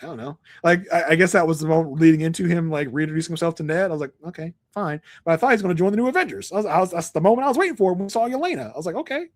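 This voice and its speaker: A man's voice: on the high side, lively intonation, racing, hardly any pauses, dry recording. A man chatting casually on a podcast, reviewing a film and acting out characters' lines as he retells scenes.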